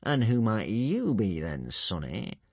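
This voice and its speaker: A man voicing a sly, charming male con man who talks in a soft, ingratiating, overly polite manner. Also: lowish voice, sing-song, slow, no room sound, exaggerated voice. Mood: smarmy.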